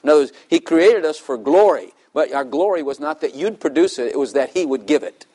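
A man's voice: a little high, lively intonation, a little fast, dark tone, low-quality recording. An older man preaching a sermon in a loose, conversational way, asking the congregation questions and chuckling between points. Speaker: pastor.

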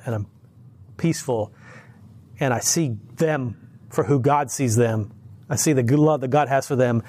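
A man's voice: medium pitch, a little mellow. Man, informal sermon, conversational storytelling, frequent restarts, easy chuckles. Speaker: lay preacher.

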